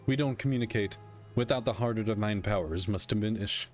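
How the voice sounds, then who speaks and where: A man reading aloud the lines of a weary male god-king who speaks dryly and candidly, in a plain, measured voice. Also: on the low side, soft background music, natural voice. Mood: solemn.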